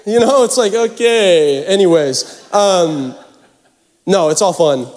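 Young male pastor, high voice, playful self-mocking storyteller, reverberant church hall. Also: lively intonation, slow, darkish tone. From Pacific Northwest. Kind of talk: storytelling sermon.

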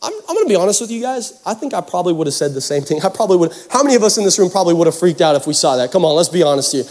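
A man's voice: sits high, lively intonation, racing, darkish tone. A man preaching a sermon, casual and joking as he talks straight to the congregation. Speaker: pastor.

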